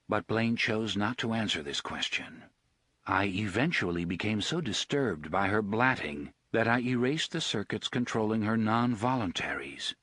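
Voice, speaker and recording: A male audiobook narrator with a husky tone and a lively, varied pitch. The recording is dry and close, with no room sound. He reads steadily and expressively. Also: normal speed, no echo.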